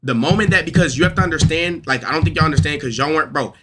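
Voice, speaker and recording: A man's voice: a little high, very fast, heavy background noise. A young man in a heated group discussion, insisting on his side with repeated calls to listen and casual swearing. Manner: emphatic, repeats "listen" to hold the floor, swears.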